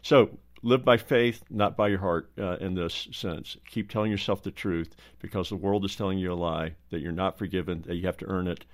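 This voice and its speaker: Low-voiced pastor teaching. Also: male voice, normal speed, hardly any pauses. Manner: steady, pastoral, teaching with anecdotes. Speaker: pastor and co-host. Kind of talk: roundtable talk, teaching.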